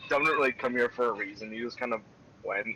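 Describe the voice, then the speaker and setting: Bright-voiced laid-back man player. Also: mid-range voice, quick pace, a little hiss or hum, rough recording.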